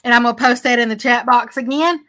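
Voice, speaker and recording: A woman, a bit hoarse, hosting a casual livestream and chatting along with many fillers as she thanks viewers. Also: a little high, steady tone, fast talker, sharp tone. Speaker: livestream host.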